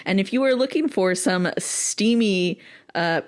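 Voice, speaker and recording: A woman's voice: medium pitch, expressive, unhurried. Rambling, wry female podcast host. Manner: rambling, many fillers, wry. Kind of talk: casual chat.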